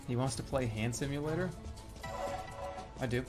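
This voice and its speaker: A man streaming gameplay, commenting casually and swearing a lot, with sudden loud excited outbursts. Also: medium pitch, moderate pace, pauses often, faint music behind.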